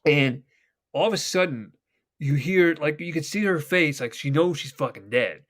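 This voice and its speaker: Young man, podcast host, casual chat, slightly high voice, rambling, swears a lot. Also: animated, normal speed, fairly bright tone. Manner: rambling, swears, retells TV scenes at length.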